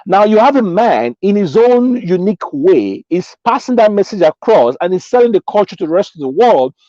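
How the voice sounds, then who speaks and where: Man hosting, high animated voice, emphatic and preachy, dull dry call audio. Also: fairly quick, no room sound. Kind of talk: casual online panel debate.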